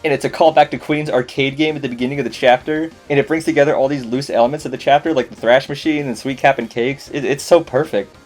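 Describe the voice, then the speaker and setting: A man's voice: mid-range voice, fairly even intonation, fast talker, few pauses, faint music behind. A man narrating a casual game review voice-over, enthusiastic and swearing freely. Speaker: video essay host.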